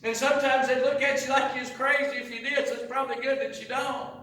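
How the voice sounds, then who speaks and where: A man preaching a sermon as pastor, rising to impassioned shouts and dropping low again. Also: little pitch movement, quick pace. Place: church sanctuary. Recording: echoey church from far off.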